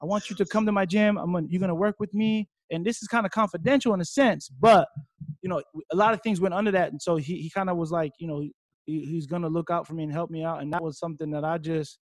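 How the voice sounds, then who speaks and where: A young man from Hawaii with a high, light voice, talking through his fighting story in a casual interview. He rambles and gets excitable, sometimes breaking into loud shouts. The recording is close and dry, with no room sound. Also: fast, dry recording.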